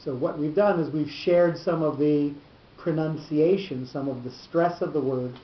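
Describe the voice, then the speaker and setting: A teacher giving a lesson on cantillation notes, explaining slowly and often repeating words as he goes. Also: medium pitch, echoey room, highs cut off. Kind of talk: lecture on cantillation.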